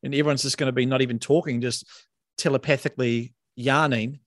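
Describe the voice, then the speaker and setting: A man's voice: mid-range voice, fairly even intonation, fairly quick, no echo, studio quality. A man with a New Zealand accent, co-hosting a podcast in casual chat, laid-back and joking, with lots of slang. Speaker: podcast co-host.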